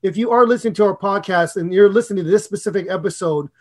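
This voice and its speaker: A middle-aged man co-hosting a podcast on public speaking, talking in an excitable, animated way with big jumps in pitch and loudness. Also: fast. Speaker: podcast co-host and speaking coach.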